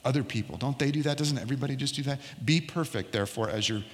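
A middle-aged male pastor delivers a sermon in a mid-pitched voice, weaving a childhood story into scripture. He slows right down on the words he wants to land. The sound carries a long reverb of a church hall.

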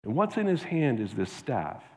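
A man's voice: mid-range voice, very animated, moderate pace, darkish tone, big-room sound. A man preaching a sermon as pastor, earnest and often restarting with repeated words.

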